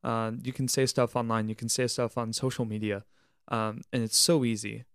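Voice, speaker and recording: With a smooth mid-range voice that barely rises or falls, a young man co-hosting a podcast talks at a moderate pace about camp staff, leading by example, and daily faith. His manner is earnest and preachy with church vocabulary, in a casual reflective chat recorded without echo in studio quality.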